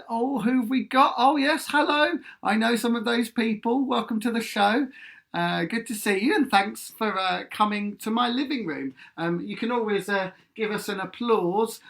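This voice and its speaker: A man leading a live-streamed singing warm-up lesson from his living room, chatty and playful with frequent fillers. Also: sits high. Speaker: musical theatre singing leader. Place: home living room, seated on a sofa.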